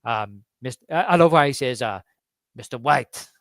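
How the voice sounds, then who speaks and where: A man co-hosting a podcast chats casually about a film and relishes retelling his favourite scenes. His mid-range voice is a bit bright, with lively intonation at a normal speed, recorded dry with clean studio sound.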